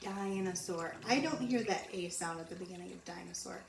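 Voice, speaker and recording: A woman teaching a phonics lesson to young children, sounding out letters slowly and repeating each word. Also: lowish voice, vocal fry. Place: home. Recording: roomy echo, mic at a distance, faint background noise.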